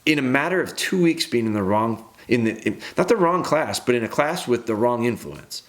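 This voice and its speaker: A man's voice: medium pitch, lively intonation, moderate pace. A man in his thirties hosting a dog-training podcast, ranting bluntly and emphatically, with restarts.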